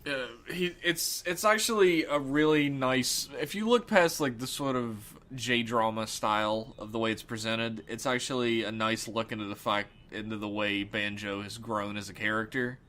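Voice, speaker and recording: A man's voice: medium pitch, normal speed, few pauses, fairly bright tone. A man co-hosting a podcast, making joking, mocking asides in casual chat. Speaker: podcast co-host.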